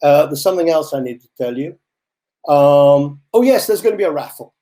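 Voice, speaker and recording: An older man presenting a webinar for learners, telling stories with lively, animated asides over a computer microphone. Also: fairly high pitch, brisk.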